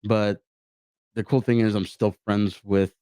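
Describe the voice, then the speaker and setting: A man's voice: on the low side, flat delivery, unhurried, dark tone, smooth, no echo. A man co-hosting a podcast, laid-back and joking in casual chat. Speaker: podcast co-host.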